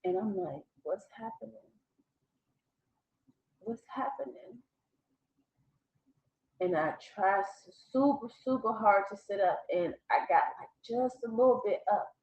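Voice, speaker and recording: Speaking at a moderate pace with few pauses, a woman with a mid-range voice recounts a personal story for her vlog. The retelling is animated and profane, punctuated by laughter. It's recorded in an echoey room with slightly dull sound.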